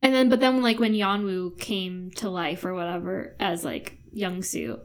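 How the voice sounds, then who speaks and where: A woman co-hosting a casual chat, talking chattily with many "like"s and quick asides. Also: fairly low pitch, steady tone. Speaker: podcast co-host.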